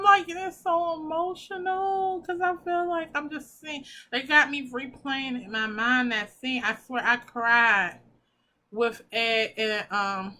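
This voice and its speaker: A woman's voice: sits high, bright, forceful tone. A woman giving a pick-a-pile tarot reading, talking casually and emotionally, gushing and swearing as she reads the cards. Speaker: tarot reader.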